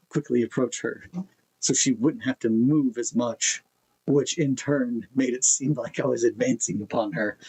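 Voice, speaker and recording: A man's voice: mid-range voice, darkish tone, breathy edge, poor audio. A man streaming a casual hangout, telling a rambling, self-mocking story about himself. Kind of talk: casual chat.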